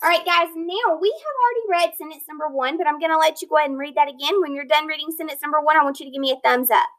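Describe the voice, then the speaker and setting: Woman, phonics teacher, high bright pitch, deliberate sounding-out, encouraging check-ins. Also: rough recording. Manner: slow, deliberate, sounding out word parts. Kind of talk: recorded online lesson.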